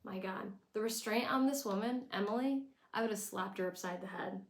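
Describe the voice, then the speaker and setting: A young woman giving a casual, opinionated recap, sarcastic and blunt, her speech full of "like". Her voice sits at an ordinary middle pitch. The room around her adds a noticeable echo. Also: normal speed. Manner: sarcastic, blunt, heavy use of "like". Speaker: YouTuber recapping a TV show.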